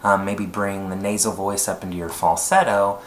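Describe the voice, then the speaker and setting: A man with a very deep, chesty voice walks through an informal voice acting demo, rambling loosely and pausing often. He is recorded in an echoey room, with faint noise in the background. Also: level tone. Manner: explains in a loose, rambling way with many pauses. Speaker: voice actor.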